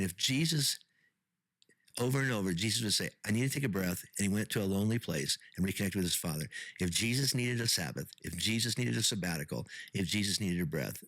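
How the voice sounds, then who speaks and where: A man's voice: deep voice, lively intonation, a little fast, fairly bright tone, dry recording, low-quality recording. A middle-aged man hosting a podcast as a pastor, talking casually with frequent restarts and repeated words.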